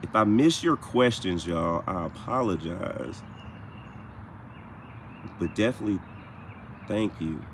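A man hosting a casual live stream while walking through a cemetery, chatting with viewers and giving them shout-outs, recorded outdoors on a handheld phone. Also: deep voice, animated, slow pace, pauses often, a little hiss or hum. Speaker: paranormal show host, live streamer. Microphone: handheld phone camera.

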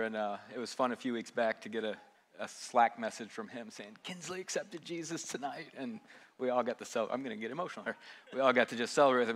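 A man leading a church service, encouraging the congregation and getting emotional at times. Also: mid-range voice. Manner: warm and encouraging, prompting the congregation. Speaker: pastor. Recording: crowd murmur and faint noise.

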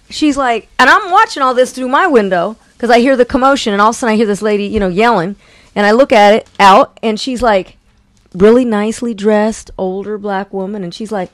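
A woman co-hosting a casual talk show, telling an animated story and acting out the people in it. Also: medium pitch, a little fast, no echo. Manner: animated, acts out quotes. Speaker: co-host.

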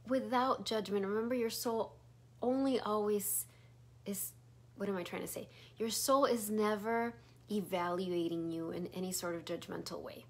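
Soft-spoken woman giving a spiritual talk. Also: medium pitch, slightly rough. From Chicago area. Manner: soft, meandering, drops to a whisper at times. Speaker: spiritual teacher.

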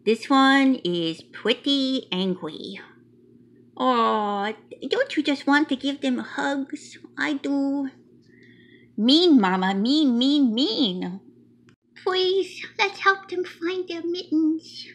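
A woman uses a high, expressive, deliberately exaggerated voice and speaks extremely slowly. She plays a cute, chatty little boy mouse reading a picture book aloud, sounding childlike and playful with broken grammar. The mood is cheerful, like a storybook reading.

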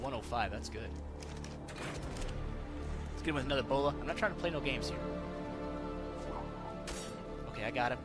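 A man's voice: mid-range voice, fast talker, pauses often, over music. A man giving casual, jokey let's-play commentary on a survival game, breaking into panicky outbursts. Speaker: gaming YouTuber.

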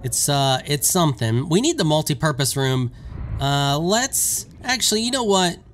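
A man giving let's play commentary on a game, excitable and quick to anger, ranting at the creatures on screen. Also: fairly high pitch, slight background noise. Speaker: gaming YouTuber.

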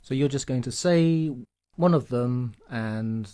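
A man's voice: medium pitch, slow pace, mellow, smooth. A man hosting a language lesson, prompting the teacher in an upbeat, jokey way. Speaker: lesson host.

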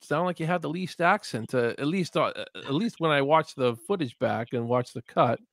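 A man hosting a relaxed group video chat, laughing often as he talks with his cast. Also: fairly high pitch, moderate pace, no room sound, studio quality. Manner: laid-back, laughs often. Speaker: podcast host and director.

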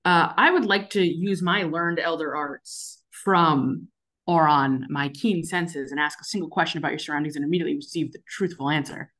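Low-voiced woman, casual tabletop player. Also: moderate pace, a bit bright. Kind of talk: casual play with in-character speech.

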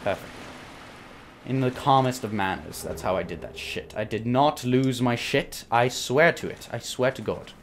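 A young man doing profane let's-play commentary on a blind playthrough, muttering to himself and trash-talking a boss between yelling bursts. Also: medium pitch, normal speed, slight background noise. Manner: swings from muttered self-talk to yelling bursts. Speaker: gaming YouTuber.

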